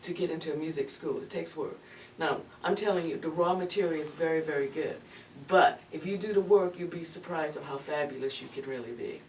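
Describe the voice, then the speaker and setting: A vocal coach gives a voice lesson, chatty and encouraging, calling her student "girl." She has a deep voice, talks fairly quickly and rarely pauses. The mic is far off in an echoey room, with background noise.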